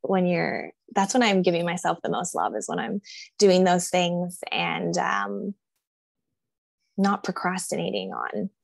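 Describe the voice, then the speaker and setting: Guesting on a laid-back podcast, a body acceptance coach talks at a measured pace in a gravelly, lowish voice. Her reflections ramble and lean on fillers, captured in dry, close audio without any room sound.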